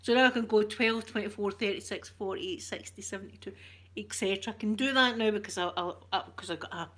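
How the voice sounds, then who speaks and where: A woman's voice: medium pitch, fast, fairly bright tone. A woman with a Scottish accent chatting casually to her viewers, telling stories and laughing often. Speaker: ASMR streamer chatting with viewers. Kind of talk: casual chat.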